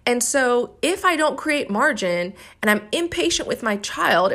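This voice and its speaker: A woman's voice: fairly high pitch, animated, normal speed, few pauses, a bit bright. A woman in her thirties hosting a podcast, telling a candid, self-critical story about her mornings as a mother. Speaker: podcast host.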